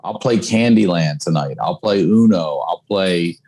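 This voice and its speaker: A man's voice: sits low, measured pace, a little mellow. A man guesting on a podcast, talking candidly in casual chat and swearing freely. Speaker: comedian and single dad.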